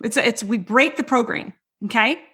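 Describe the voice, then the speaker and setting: A middle-aged woman hosting a podcast, coaching listeners on sales in a loud, hypey, direct way. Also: a little high, moderate pace. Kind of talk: energetic teaching monologue.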